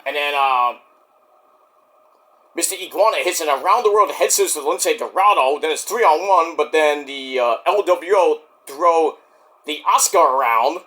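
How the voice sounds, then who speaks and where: A man rambling through a casual wrestling review, swearing freely and easily excited. His voice is bright and sharp, and his pitch swings widely as he talks. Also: normal speed.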